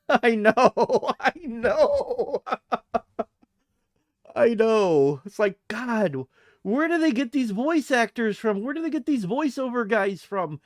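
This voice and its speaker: Slow-talking, mocking male streamer. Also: extremely high pitch, lively intonation, no room sound, clean studio sound. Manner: mocking, scoffing, laughs at his own jokes. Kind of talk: casual live-stream commentary.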